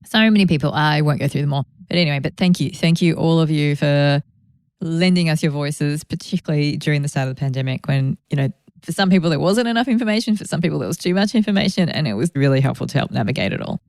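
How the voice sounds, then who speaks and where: A woman's voice: low voice, lively intonation, fast, darkish tone, dry recording, clean studio sound. A woman hosting a podcast, talking in a reflective, conversational way with grateful asides. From Australia. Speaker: podcast host. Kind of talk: reflective solo podcast talk.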